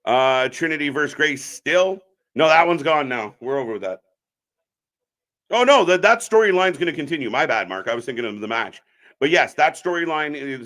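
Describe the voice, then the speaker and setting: Bright-voiced man commentating wrestling live. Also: medium pitch. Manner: chatty, reacts loudly to the action. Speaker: live stream co-host.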